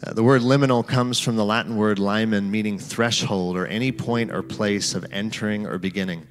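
A man's voice: lowish voice, steady tone, brisk, soft background music. A man preaching a sermon, telling a story in guided imagery and speaking to the listeners as "you". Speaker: pastor.

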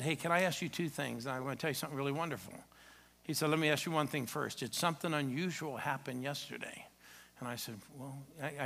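A man's voice: mid-range voice, gravelly, sharp tone. A middle-aged man preaching a sermon, telling a story and joking with the congregation. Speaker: pastor. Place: church sanctuary.

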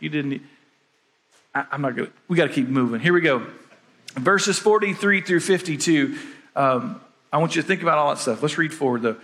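A man's voice: fairly high pitch, brisk, pauses often, a bit bright. A pastor preaching a conversational sermon, often restarting his phrases.

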